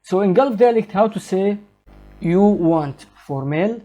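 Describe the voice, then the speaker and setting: Guy teaching a lesson, super slow, repeats words, warm low-key voice. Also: lively intonation. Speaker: Arabic teacher.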